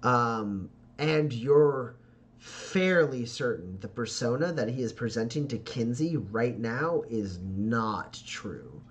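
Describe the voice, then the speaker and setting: Unhurried man running a tabletop game. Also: medium pitch. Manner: relaxed, descriptive, with filler pauses. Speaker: game master.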